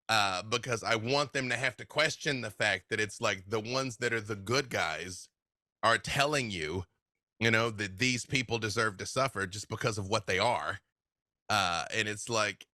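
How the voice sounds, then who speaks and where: Animated man with a bright, dry voice. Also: mid-range voice, dry recording. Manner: animated storyteller, laughs often. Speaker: guest game master. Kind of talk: casual interview chat.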